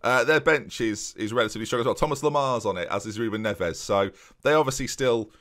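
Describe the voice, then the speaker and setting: A young man chatting casually to his viewers while playing a football management game, breaking into excited match commentary. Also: mid-range voice, fast. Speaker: gaming YouTuber.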